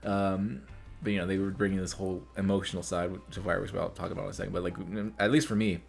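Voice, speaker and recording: A man hosting an anime reaction video, talking in a rambling, excitable way with many restarts. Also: low-pitched, fast, vocal fry, soft background music. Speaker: reaction channel host. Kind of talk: casual anime reaction commentary. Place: home room lit by reaction lamps.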